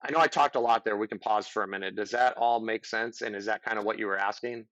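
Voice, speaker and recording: A man's voice: lowish voice, fairly even intonation, fast talker, a bit bright, no echo. Middle-aged man, earnest and rambling, acts out dialogue; dry, slightly dull recording. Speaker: podcast guest. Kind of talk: casual conversational advice.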